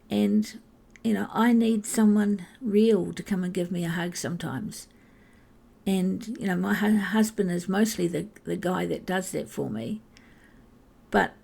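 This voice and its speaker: A woman hosting her own podcast, talking candidly and haltingly about her life, with frequent restarts, becoming emotional near tears. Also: medium pitch, creaky, warm tone. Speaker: podcast host. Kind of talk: personal podcast monologue.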